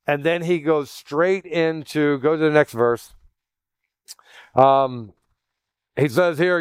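A man preaching a sermon in a casual, animated way, acting out quoted voices as he goes. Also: a little high, a little slow, smooth, no room sound, studio quality. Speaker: pastor.

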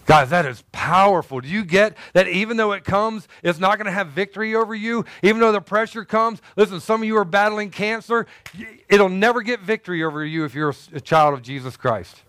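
A man preaching a sermon as pastor, animated and joking with the congregation. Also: high voice, brisk, hardly any pauses, no room sound. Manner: animated, jokey, talks to congregation.

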